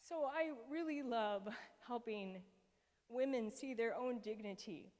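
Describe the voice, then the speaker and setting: A woman's voice: on the high side, unhurried, darkish tone, big-room sound. A woman in her forties giving a heartfelt personal talk with slides, earnest and emotional, with many fillers and restarts. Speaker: speaker presenting to a group.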